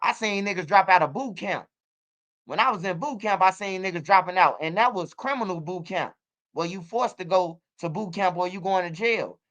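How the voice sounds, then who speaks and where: A man in his forties, talking casually as a guest, telling animated stories in street slang with lots of profanity. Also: sits high, moderate pace, lo-fi sound. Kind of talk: casual interview chat.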